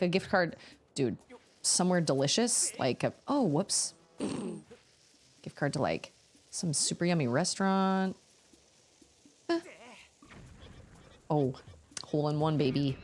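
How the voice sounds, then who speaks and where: A young adult woman live-streaming a video game, chatting casually and giggling, with lots of "like" and "um". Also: lowish voice. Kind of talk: casual live-stream chat while gaming.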